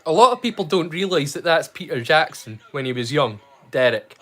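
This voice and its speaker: A man's voice: on the high side, animated, brisk, fairly bright tone. A man, chatting casually and rambling as he hosts a movie watch-along livestream. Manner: chatty, rambling, self-correcting. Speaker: livestream host.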